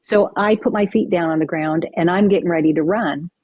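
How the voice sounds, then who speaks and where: A woman's voice: on the low side, a little fast, breathy edge, no echo, highs cut off. A woman guest on a podcast, recounting a personal story vividly and acting out what people said. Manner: vivid, animated retelling with acted-out quotes.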